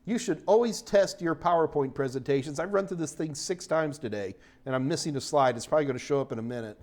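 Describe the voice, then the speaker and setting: A man's voice: fairly high pitch, fast, darkish tone. A middle-aged man giving a live-streamed technical lecture as an IT certification instructor, casual and joking as he talks through his slides.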